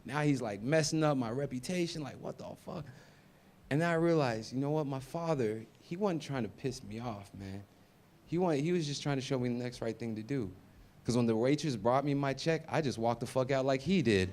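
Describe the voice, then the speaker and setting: A man in his thirties doing stand-up comedy, with a voice of ordinary pitch for a man. He tells long personal stories and jumps into the voices of the people in them. His delivery moves between loud punchlines and soft, muttered asides. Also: a little fast. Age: 30s. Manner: storytelling, acts out quoted voices, swings loud and soft.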